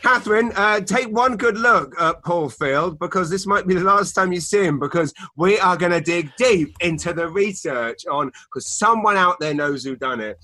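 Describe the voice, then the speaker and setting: Man, podcast co-host, animated rambling storyteller, bright tone. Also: sits high, normal speed, few pauses, no echo. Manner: animated storytelling, lots of fillers and restarts. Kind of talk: casual chat. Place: home in Canada.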